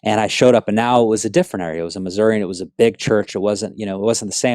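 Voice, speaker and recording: A man from South Florida telling his personal faith testimony in an earnest, animated storytelling way, full of asides. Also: lowish voice, very fast, no room sound, studio quality. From South Florida, USA. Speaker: speaker giving a personal testimony.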